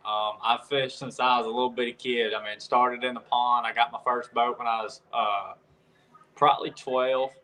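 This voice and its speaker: A man's voice: mid-range voice, flat delivery, moderate pace, sharp tone, a little hiss or hum, rough recording. A nineteen-year-old man from Alabama with a strong rural Southern accent, answering podcast questions in a plain, humble way. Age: young adult. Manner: plain-spoken, humble, strong country drawl. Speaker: guest angler. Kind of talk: podcast interview.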